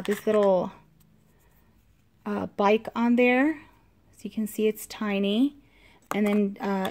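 A woman walks through her handmade crafts in a relaxed show-and-tell. She talks unhurriedly, pausing with plenty of ums to find her words. Her tone stays fond and gushing over every tiny detail. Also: medium pitch. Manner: unhurried, with frequent ums and pauses; gushing about small details. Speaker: crafting vlogger.

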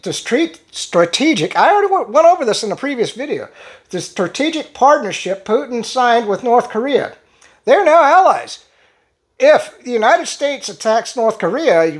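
A man hosting a solo commentary show, reading posts aloud with sarcastic, conversational asides and halting restarts. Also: extremely high pitch. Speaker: channel host.

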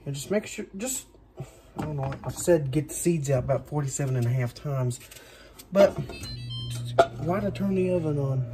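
A man's voice: on the high side, mellow, slight background noise. A man cooking in his home kitchen, chatting in a rambling, self-deprecating way with plenty of asides. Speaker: home cook. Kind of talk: casual cooking vlog chat.

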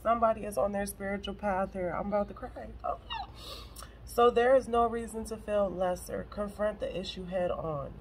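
A woman's voice: mid-range voice, steady tone, moderate pace, a little hiss or hum, rough recording. A woman doing a casual tarot reading to camera, blunt and profane and close to tears. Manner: blunt and profane, emotional, swears freely. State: on the verge of tears. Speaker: tarot reader.

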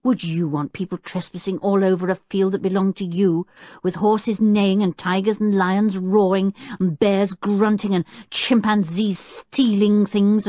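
A woman voicing a stubborn, quick-tempered boy who talks insistently and indignantly in an audiobook. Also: mid-range voice, darkish tone, no room sound, clean studio sound, voice pushed up, lightly acted.

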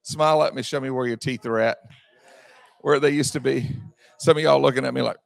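A man preaching a sermon in a church, repeating his phrases and swinging from shouting to quiet asides. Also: medium pitch, fairly even intonation, fairly quick, creaky, long pauses, no room sound. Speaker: pastor. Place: church sanctuary.

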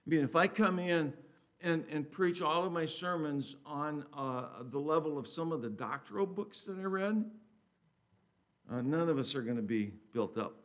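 A man preaching a sermon in a conversational way, restarting his sentences often and getting louder and higher when he reads scripture aloud. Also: moderate pace. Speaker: pastor.

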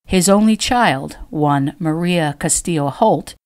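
A woman voicing a small, spectacled solicitor who speaks calmly and formally in an audiobook. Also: low-pitched, takes it slowly. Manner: calm, formal, precise.

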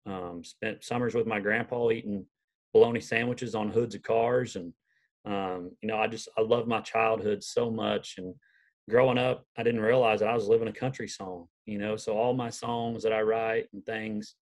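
Young male country singer, twang, lowish pitch, earnest folksy guest telling stories. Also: fairly even intonation, moderate pace. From Southern Illinois, USA. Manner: earnest, folksy, rambling storyteller. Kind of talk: casual podcast interview.

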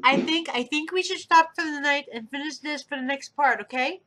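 A woman with a fairly high voice chats casually as a co-host. She drops in playful asides and light comments. Her talk is easygoing and upbeat. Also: brisk, pushed and bright. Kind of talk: casual chat.

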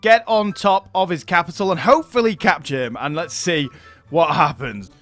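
A man's voice: fairly high pitch, moderate pace, a bit bright, soft background music. A man giving chatty gameplay commentary as he plays, chuckling often between remarks. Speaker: gaming YouTuber.

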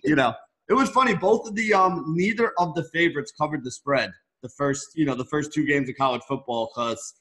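A man's voice: a little high, brisk, hardly any pauses. A man co-hosting a fantasy football podcast, talking casually and walking through his reasoning. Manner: chatty, lays out his reasoning, rises when excited. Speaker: podcast co-host.

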